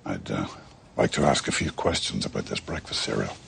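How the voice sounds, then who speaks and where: A grave deadpan customer, gravelly and very deep. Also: male voice, brisk, slight background noise, exaggerated voice. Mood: deadpan solemn. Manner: solemn, deadpan questioning. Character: grave, deadpan grown man buying kids' cereal. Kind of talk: film comedy scene.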